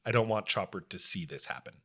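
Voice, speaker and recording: A man voicing a selfless, dying old male doctor who speaks low and heavy. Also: lively intonation, fast, fairly bright tone, slightly rough, exaggerated voice. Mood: weary.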